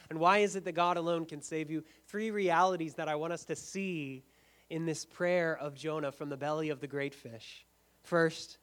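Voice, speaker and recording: A man with a notably high voice delivers a sermon. He swells into strong, emphatic lines and then drops almost to a hush to land his point. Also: fairly even intonation, moderate pace. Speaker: pastor.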